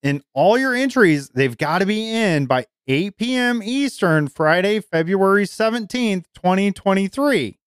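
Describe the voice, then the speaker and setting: Upbeat podcast host, clear dry voice. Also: male voice, sits high, lively intonation, a little slow, hardly any pauses, dry recording. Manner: enthusiastic, repeats words when starting sentences. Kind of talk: casual podcast chat.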